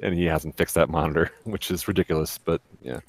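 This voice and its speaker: A man's voice: low voice, a little fast, no echo. A man co-hosting a podcast in casual chat, stammering on restarts and pushing the talk along. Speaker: podcast co-host.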